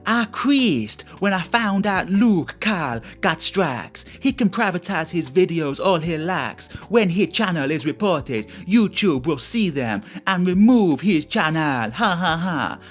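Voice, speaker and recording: Guy reading out as a smug gloating commenter, high voice, bouncy. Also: big pitch swings, slow pace, hardly any pauses, exaggerated voice.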